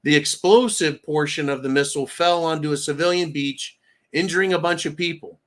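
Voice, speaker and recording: An American man hosting a live-stream commentary show, his voice sitting a little high for a man. He rants in loud bursts and throws crude insults as he reads out donations. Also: fairly quick. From United States.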